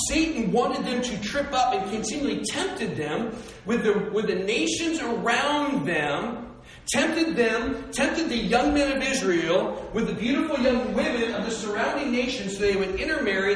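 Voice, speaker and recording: A man preaching a sermon in an animated storytelling way, swinging between loud and hushed, recorded from a distance in a large hall. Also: high-pitched, slight background noise. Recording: echoey hall, distant mic.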